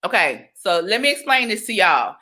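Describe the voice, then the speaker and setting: Young woman, livestream host, bright and lively, talks straight to her viewers. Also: mid-range voice, moderate pace. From Georgia, US. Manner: chatty, animated, breaks into sung exclamations. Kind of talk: casual livestream chat.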